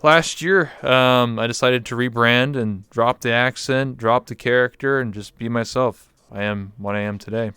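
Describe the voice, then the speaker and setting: A man's voice: medium pitch, normal speed, hardly any pauses, bright, forceful tone, clean tone, no room sound. A man from Canada, a guest talking in a candid, reflective way with many fillers. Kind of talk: casual interview chat.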